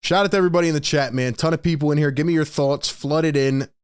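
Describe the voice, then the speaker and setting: A young man hosts a live postgame stream, his voice sitting a little high. He rants with exasperation, hammering points home by saying them twice. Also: quick pace, smooth. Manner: exasperated, emphatic, repeats lines for effect. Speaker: sports show host.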